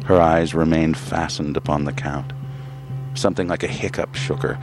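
A man reading a literary story aloud in a measured, grave way with drawn-out pauses. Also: a bass voice, steady tone, music in the background. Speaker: narrator.

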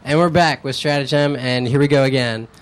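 A man's voice: mid-range voice, a little fast, a little hiss or hum. A man hosting a casual radio interview, asking offhand, joking questions. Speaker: radio host. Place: radio studio.

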